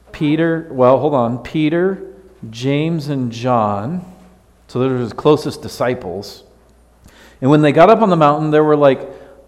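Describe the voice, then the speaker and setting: A man leads a children's sermon in a church sanctuary, joking and throwing questions at the kids. His voice sits at an ordinary pitch, and it rings with the long reverb of the hall. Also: darkish tone. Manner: playful, chatty, asks the kids questions. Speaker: pastor giving a children's sermon. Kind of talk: casual children's sermon to a congregation.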